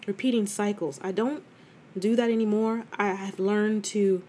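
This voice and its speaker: A woman's voice: medium pitch, fairly even intonation, measured pace, darkish tone, a little hiss or hum. A middle-aged woman talking candidly and conversationally as a host, speaking straight to her listener and calling her "girl". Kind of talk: casual confessional talk.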